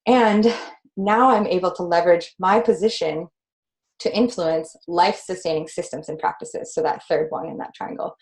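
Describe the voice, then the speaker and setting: A woman leading a webinar, chatty and animated with many fillers. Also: fairly low pitch, normal speed, poor audio. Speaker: course host and activist. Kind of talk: casual webinar teaching.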